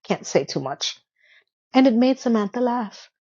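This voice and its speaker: A woman's voice: a little high, sing-song, measured pace, dark tone, husky, highs cut off. Chatty woman with sarcastic asides. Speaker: TV episode recap host. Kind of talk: casual chatty commentary.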